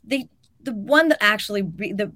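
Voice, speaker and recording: A woman's voice: medium pitch, moderate pace, bright, forceful tone, no echo. A woman co-hosting a casual sports talk show, speaking emphatically and peppering her points with "like". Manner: emphatic, talks with filler "like". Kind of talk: casual opinionated chat.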